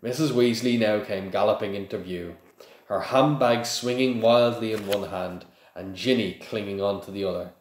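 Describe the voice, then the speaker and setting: A man reads a children's storybook aloud in a plain, unpolished way, now and then stumbling and restarting. His voice sits low. The room around him is echoey. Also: moderate pace. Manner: plain, with small slips and restarts. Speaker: reader.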